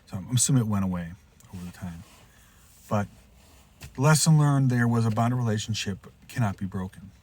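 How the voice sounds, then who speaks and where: A man hosting a podcast, telling a rambling pet story in a casual way, restarting often and jumping into loud, high voices when he quotes someone. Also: brisk, pauses often, husky. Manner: rambling, with frequent restarts and asides. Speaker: podcast host.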